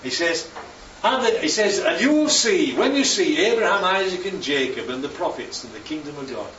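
A man's voice: a little high, sing-song, moderate pace, crowd noise. Northern english preacher guy, jokey and chatty, kinda muffled and roomy like a church recording. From northern England. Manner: chatty, jokey, asks the congregation questions. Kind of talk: sermon. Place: church hall. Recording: echoey church room, distant mic, dull sound.

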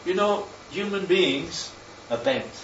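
A man preaching a sermon, lively and constantly checking in with his listeners by asking "right?" and "yeah?". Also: high-pitched, slow, a little hiss or hum. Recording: echoey, distant, dull sound with faint ambience.

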